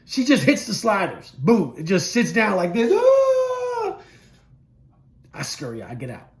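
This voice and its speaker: A middle-aged man recounting his prison past in a blunt, profane storytelling manner, swinging from loud bursts to low murmurs. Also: very animated, moderate pace. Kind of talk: candid storytelling interview.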